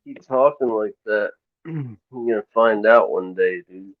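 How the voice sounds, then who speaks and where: A man's voice: fairly low pitch, measured pace, no echo. A man arguing defiantly in a voice chat, brushing off insults. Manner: defiant, dismissive. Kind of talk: heated voice chat argument. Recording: tinny phone-like voice chat.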